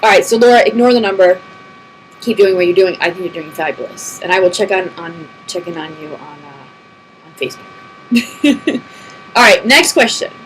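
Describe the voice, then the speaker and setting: A woman's voice: lowish voice, expressive, normal speed, a little hiss or hum, rough recording. A woman in her thirties, talking casually to her computer at home as she answers viewer questions, rambling and laughing often. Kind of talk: casual chat to camera. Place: empty house, alone at a computer. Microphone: computer mic.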